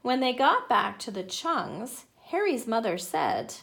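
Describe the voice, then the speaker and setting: Lady reading a kids' book, slow and very sing-songy, kinda high. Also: creaky. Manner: animated, playful. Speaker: children's book reader. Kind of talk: children's story read-aloud.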